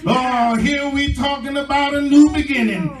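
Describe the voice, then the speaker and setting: A male pastor preaching a sermon, his delivery swelling into impassioned shouting as the congregation answers him. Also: extremely high pitch, fairly even intonation, moderate pace, a crowd in the background. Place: church sanctuary. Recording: echoey church room from a distance with faint music.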